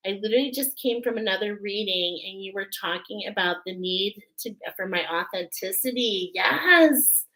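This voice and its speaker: A middle-aged woman from an Irish Catholic family gives a live oracle card reading, chatty and emotional, often checking in with "okay?". Her medium-pitched voice is fairly bright, though the recording quality is low.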